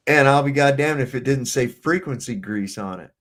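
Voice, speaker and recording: A man's voice: mid-range voice, moderate pace, fairly bright tone. A man in a casual panel chat, telling army stories in a rambling, profane way with frequent restarts.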